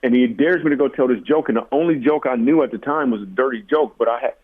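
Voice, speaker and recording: A comedian from Michigan telling stories in a casual interview, animated and self-deprecating. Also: male voice, mid-range voice, fast. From Michigan, USA. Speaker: comedian guest. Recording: tinny phone-like line.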